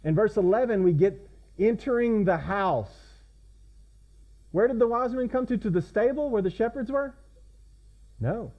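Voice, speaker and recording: A man with a slightly high voice preaches to his congregation, talking in a conversational way and checking in with questions. The recording is a little dull and lo-fi. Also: moderate pace, long pauses. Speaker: pastor. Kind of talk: sermon.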